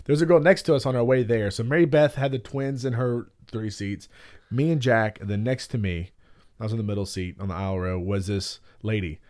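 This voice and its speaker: A man's voice: lowish voice, fairly quick, darkish tone. Rambling storytelling man on a podcast. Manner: rambling storyteller, acts out quotes with many "like"s. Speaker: podcast co-host. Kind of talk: casual chat and Bible teaching.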